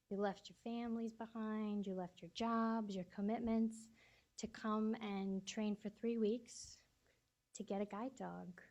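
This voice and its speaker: A woman speaks at a graduation ceremony in an event room, thanking instructors and students one by one. Her voice sits at an ordinary middle pitch and gets a little teary and emotional as she goes. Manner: warm, emotional thank-yous, slightly teary. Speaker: guide dog class supervisor. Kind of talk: ceremony speech.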